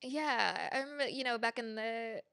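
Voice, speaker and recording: A woman from the American South co-hosting a comedy podcast, chatting quickly and loosely with lots of fillers. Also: fairly high pitch, lively intonation, gravelly, a bit bright, smooth, no echo, clean studio sound. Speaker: podcast co-host. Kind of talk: casual chat.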